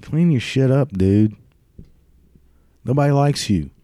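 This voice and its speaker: A man's voice: mid-range voice, expressive, takes it slowly, warm tone, no echo, studio quality. A man delivering a crude, profane comedic rant, swearing constantly and laughing at his own jokes. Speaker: ranting commentator.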